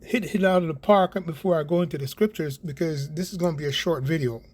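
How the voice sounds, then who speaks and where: A middle-aged Canadian man gives an online talk on Bible prophecy, rambling, repeating words for emphasis, and often asking "right?" His voice is a little high and fast.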